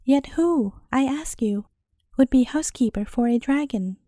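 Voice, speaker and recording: A woman's voice: high-pitched, expressive, normal speed, mellow, dry recording, clean studio sound. A woman voicing a grieving old peasant woman in a storybook tale, telling her woes in a lamenting, pleading way.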